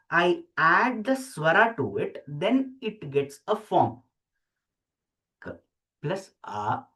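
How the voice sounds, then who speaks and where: A teacher slowly explaining letters and sounding each one out for the class. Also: mid-range voice, fairly bright tone. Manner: slow, deliberate, repeats sounds aloud for practice. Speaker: Sanskrit teacher. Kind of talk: explaining script while writing letters.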